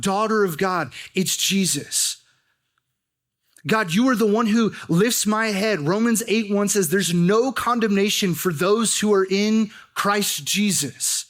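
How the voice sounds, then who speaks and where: A man's voice: high voice, a bit bright. A young adult man preaching a sermon as a student pastor, telling a personal story and then building to earnest, urgent emphasis.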